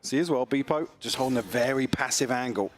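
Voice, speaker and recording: A man giving measured analysis as co-caster on a live esports broadcast. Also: mid-range voice. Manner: measured, analytical, quick laughs. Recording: noisy live broadcast feed.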